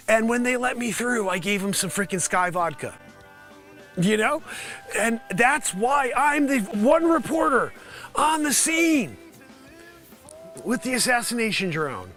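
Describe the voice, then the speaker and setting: A man delivering a rambling, deadpan mock news report as a comedy vlogger, full of fillers. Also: very high-pitched, unhurried, faint music behind.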